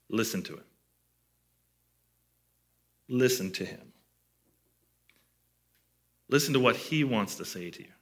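A man's voice: mid-range voice, pushed and bright. A man preaching a sermon as pastor, conversational and asking his listeners questions.

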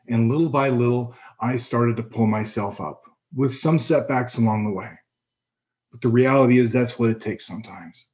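Middle-aged man, personal testimony, earnest, reflective, halting pauses, average pitch. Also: a little mellow. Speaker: personal storyteller.

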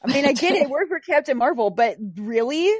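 A woman's voice: high voice, lively intonation, fast, no echo. Blunt, emphatic woman podcast host. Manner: blunt, emphatic, swears freely. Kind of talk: casual chat.

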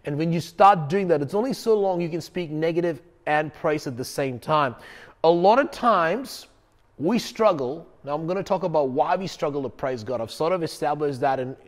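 A man's voice: a little high, expressive, moderate pace. A male pastor preaching a sermon in an emphatic, conversational way, repeating key phrases.

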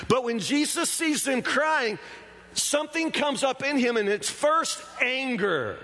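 A man's voice: very high-pitched, big pitch swings, unhurried, sharp tone, long reverb tail. A man preaching a sermon in a conversational, emphatic way, often stammering over restarts. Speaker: pastor.

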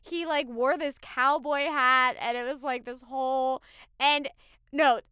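A young woman chatting casually as a podcast co-host, animated and full of "like", slipping into mock voices. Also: high-pitched, a little slow, clean tone, dry recording, studio quality. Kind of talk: casual chat.

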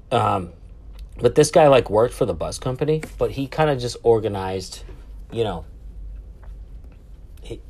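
A man in his thirties with a fairly low voice, telling a story in a loose, chatty way. He swears a lot, restarts his sentences and piles on fillers as he goes. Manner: profane, rambling, full of fillers and restarts. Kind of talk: casual anecdotal storytelling.

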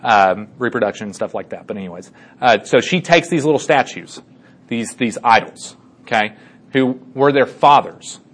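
A man casually retelling a Bible story to a group as their teacher, animated and chatty, with many fillers and asides. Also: medium pitch, moderate pace.

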